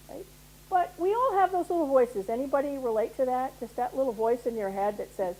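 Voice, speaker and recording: A woman's voice: high voice, brisk, mellow, slight background noise, low-quality recording. A middle-aged woman giving a motivational talk to an audience, persuasive and often checking in with "right?". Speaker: guest speaker at a women's leadership program.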